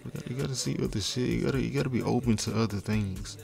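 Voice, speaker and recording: A man's voice: mid-range voice, rapid-fire, creaky, darkish tone. A stoned man ranting casually, rambling and profane, with frequent laughs. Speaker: vlogger. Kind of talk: casual rant. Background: faint background music.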